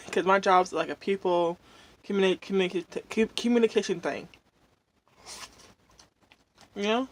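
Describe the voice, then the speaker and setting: A woman's voice: medium pitch, fairly even intonation, moderate pace, pauses often. A woman vlogger chatting casually while eating, rambling and venting with lots of fillers and pleased hums between bites. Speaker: mukbang vlogger.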